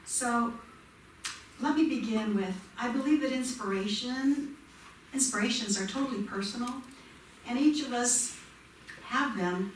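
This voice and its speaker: A woman's voice: fairly high pitch, measured pace, long pauses, a little hiss or hum. Woman, church member, personal testimony, conversational, self-deprecating, echoey hall, distant. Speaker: congregation member sharing her story. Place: church sanctuary. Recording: echoey church room, mic from afar.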